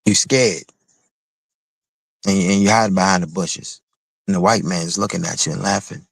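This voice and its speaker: Confrontational man ranting, low and dry. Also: fairly even intonation, normal speed, gravelly, slightly rough, dry recording. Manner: confrontational, repetitive, mocking. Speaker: livestream host. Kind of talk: heated commentary rant.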